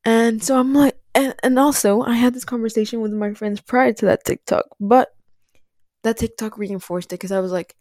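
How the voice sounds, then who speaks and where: A woman whose first language is Spanish, chatting casually to her viewers in an animated way, with frequent laughs and fillers. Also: a little high, normal speed, no room sound, studio quality. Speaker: vlogger. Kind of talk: casual chat to camera.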